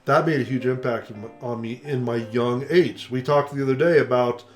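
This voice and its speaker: An older man talks through a casual conversation in a middle-pitched voice, acting out each person he quotes. Soft guitar music plays faintly underneath. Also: a little fast. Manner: animated storyteller, acts out quoted voices. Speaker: co-host.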